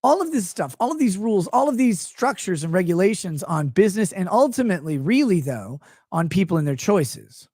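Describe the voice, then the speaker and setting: A man's voice: sits high, darkish tone, no room sound, clean studio sound. A man from the United States hosting a show, ranting about politics with sarcasm, profanity and mocking asides. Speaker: show host.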